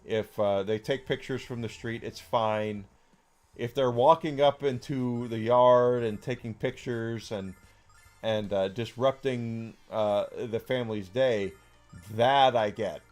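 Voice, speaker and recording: A man's voice: mid-range voice, fairly even intonation, takes it slowly, a little mellow, faint music behind. A man in his forties chatting casually and outspokenly as a streamer, rambling with many fillers. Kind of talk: casual chat while gaming.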